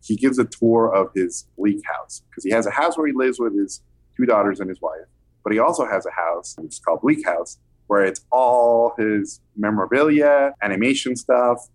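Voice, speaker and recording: A man recounting an anecdote as an interview guest, lively and animated, acting out the people he quotes. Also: lowish voice, moderate pace. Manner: animated, acts out quoted voices. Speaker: film director guest. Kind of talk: anecdotal storytelling.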